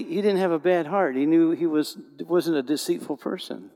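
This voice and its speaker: A man preaching a sermon in a church, swinging from hushed, tender lines to loud, emphatic bursts. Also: high voice, sing-song, normal speed, few pauses. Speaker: pastor. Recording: long hall reverb.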